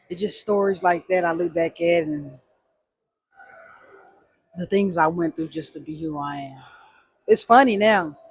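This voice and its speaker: A woman telling a personal story in a casual, animated way, with emphatic repeats and slang. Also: fairly low pitch, slightly rough, no echo.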